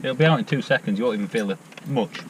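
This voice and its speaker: A man's voice: medium pitch, fast talker. An English man chatting casually and jokily as a vlogger, outdoors by a car charger. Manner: chatty, jokey, laughs often. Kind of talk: casual vlog chat. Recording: noisy outdoor recording with traffic.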